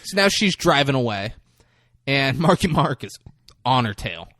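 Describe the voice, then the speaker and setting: Speaking at a moderate pace in a mid-range voice, this man co-hosts a podcast and animatedly walks through a film scene by scene. He performs the lines and laughs frequently in the casual chat, captured studio-clean with no room sound.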